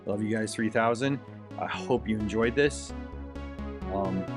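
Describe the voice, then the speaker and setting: A man's voice: on the low side, measured pace, music in the background. A man hosting his own podcast, giving an earnest, repetitive motivational monologue with emphatic pushes. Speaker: podcast host.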